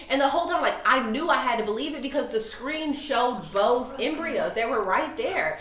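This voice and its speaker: A woman in her thirties telling a story in casual chat, animated and acting out the voices she quotes. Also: high voice, moderate pace. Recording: echoey room.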